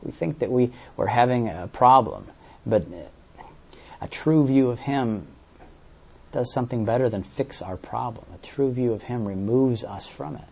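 A man's voice: medium pitch, normal speed, creaky, darkish tone, husky. A man preaching a sermon, explaining verses with everyday examples and often repeating words as he searches for the next phrase.

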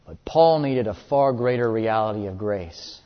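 A man's voice: fairly low pitch, lively intonation, measured pace. Male pastor mid-sermon, earnest and repetitive, long hall reverb, muffled lo-fi recording. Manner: earnest, repeats words when stressing a point. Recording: echoey hall, dull lo-fi sound.

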